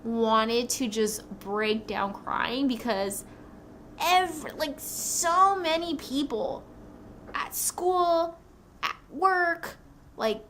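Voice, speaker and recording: A young woman telling her personal story in a casual vlog, rambling and excitable, with many "like"s. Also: high voice, drawn-out words, slight background noise. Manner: rambling, excitable, says "like" often. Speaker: new nurse vlogger.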